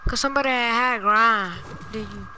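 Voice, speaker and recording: This is a woman, trash-talking through a casual gaming session. Her voice sits high and sounds bright and forward. She teases her opponent relentlessly and breaks into sing-song chants. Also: moderate pace, slight background noise.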